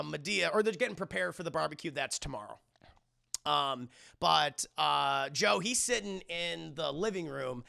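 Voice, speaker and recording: A man rambling through a casual, profane movie recap with animated delivery. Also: on the high side, creaky. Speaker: movie reviewer streaming live.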